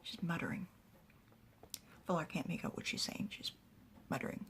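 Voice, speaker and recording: Woman whispering a story, gravelly. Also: deep voice, moderate pace. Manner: soft, hushed whisper.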